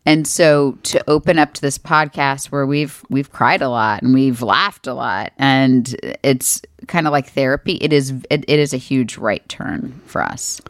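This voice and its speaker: Chatty woman podcast co-host, low voice. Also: a little slow, few pauses, no echo, studio quality. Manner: chatty, animated storytelling. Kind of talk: casual chat.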